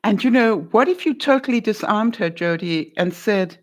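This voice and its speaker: Woman, advice vlogger, coaching talk, encouraging, playful, laughs a lot, checks in often, mid-pitched voice. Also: lively intonation, normal speed, hardly any pauses. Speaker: vlogger giving life advice.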